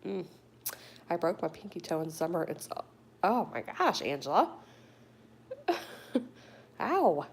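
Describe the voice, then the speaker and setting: Middle aged woman rambling on a phone livestream, kinda low voice, reads chat out loud, little whispers here and there. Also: slow, vocal fry, long pauses, a little hiss or hum. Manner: chatty and animated, with whispered asides. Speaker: livestreamer reading viewer chat. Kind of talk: casual live chat. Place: home in a warm state.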